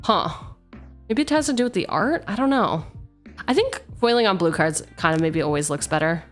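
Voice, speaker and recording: A woman's voice: on the low side, expressive, normal speed, soft background music. A young adult woman chatting playfully on a livestream, reading card text aloud and joking with her viewers. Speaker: streamer. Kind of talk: casual card-opening livestream chat.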